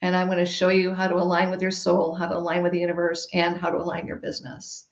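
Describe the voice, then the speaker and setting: A woman guest telling a personal story in a podcast conversation, emphatic and lively. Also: on the low side, quick pace, creaky. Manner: animated, emphatic storytelling with laughs. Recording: roomy, dull-sounding recording.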